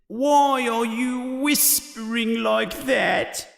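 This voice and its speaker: A man voicing a sad, touchy ghost of a schoolgirl in a slow, plaintive wail. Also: very high voice, big pitch swings, creaky, echoey room, big-room sound, soft background music, pitched above the performer's own voice, heavily acted.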